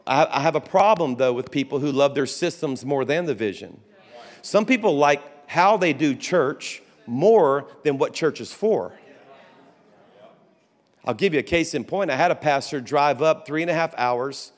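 A man's voice: fairly high pitch, unhurried. A man pastor, telling folksy stories in a sermon full of restarts and asides. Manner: folksy storytelling with restarts and laughter. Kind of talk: conference sermon. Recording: long hall reverb.

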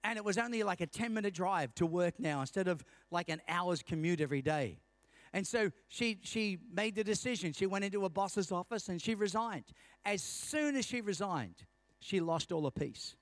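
A man's voice: high voice, dry recording. A middle-aged man preaching a sermon as senior pastor, telling stories and calling for amens from the congregation.

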